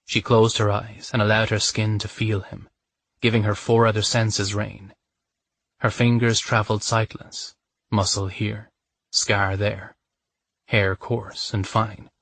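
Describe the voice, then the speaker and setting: A man narrating a romance audiobook in a calm, measured reading voice, close to the mic. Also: on the low side, slightly rough, dry recording.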